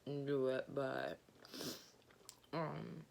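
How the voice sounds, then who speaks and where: A woman with a Southern Alabama accent, telling a story in a rambling, halting way as she eats and talks with her mouth full. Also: very deep voice, fairly even intonation, creaky, darkish tone, slight background noise. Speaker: vlogger. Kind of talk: casual storytelling while eating.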